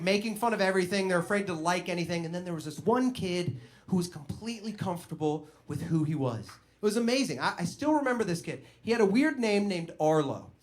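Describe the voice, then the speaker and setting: A man performing a stand-up comedy routine, telling stories animatedly and acting out other people's voices. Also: on the high side.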